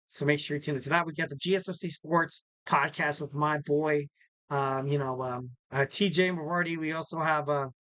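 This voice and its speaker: Bright high-voiced podcast host rambling. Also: male voice, dry recording, rough recording. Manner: rambling, jokey, self-deprecating asides. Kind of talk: casual solo podcast sign-off.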